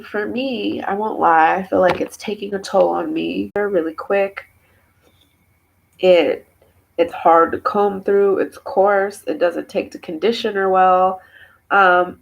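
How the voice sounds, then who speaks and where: A woman's voice: mid-range voice, gravelly, low-quality recording. A young woman and mother, tearful and emotional, venting at length in a personal vlog, rambling with many fillers. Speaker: mother talking to camera.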